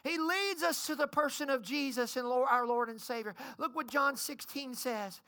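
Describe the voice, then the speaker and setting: A woman preacher giving an impassioned, pleading sermon at a church service, her voice rising to shouts. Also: high-pitched, moderate pace.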